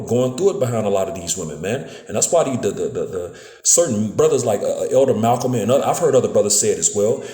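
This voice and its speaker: Recorded casually on a phone, a preacher teaches scripture street-style in a mellow, mid-range voice, with a roomy sound. His speech is sprinkled with "man" and "you know what I'm saying," and he stumbles over repeated words.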